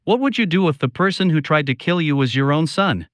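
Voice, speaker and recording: A man tells a dramatic first-person story in a slow, solemn, confiding manner. His voice sits a little high for a man, and the sound is dry and close. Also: animated, dry recording.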